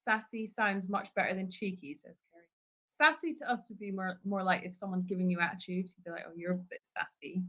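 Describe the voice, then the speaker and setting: A woman co-hosting a live Q&A, reading out viewer comments and donations in a brisk, matter-of-fact way. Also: medium pitch, fairly bright tone. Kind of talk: casual live-stream chat reading out comments.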